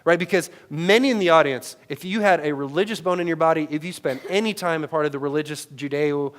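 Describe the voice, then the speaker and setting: A man in his thirties preaching a sermon into a headset mic, his voice sitting a little high for a man. He talks to the congregation conversationally and keeps checking in with "right?". His delivery swings between loud, emphatic peaks and quiet, low asides. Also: fast talker. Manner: conversational preaching, tags many lines with "right?". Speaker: pastor.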